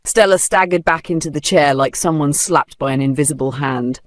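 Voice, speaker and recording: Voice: mid-range voice, moderate pace, dry recording. A narrator telling a dramatic folktale in a vivid storybook style.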